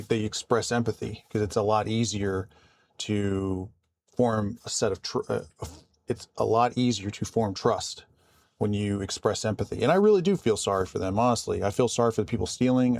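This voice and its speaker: A man vlogging casually about his work, calm and conversational with frequent restarts. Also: fairly low pitch, vocal fry. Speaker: vlogger and IT support worker. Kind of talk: casual storytelling to camera.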